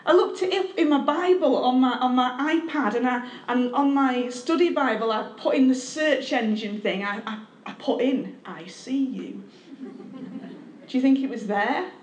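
A woman's voice: high-pitched, moderate pace, few pauses. A woman, a pastor giving a candid, conversational testimony sermon with self-deprecating humor. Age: 30s. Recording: echoey room.

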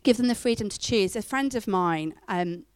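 A middle-aged woman giving a church talk, telling stories with lively acted-out quotes. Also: medium pitch, normal speed, smooth, dry recording. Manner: animated storytelling with acted-out quotes. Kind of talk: sermon.

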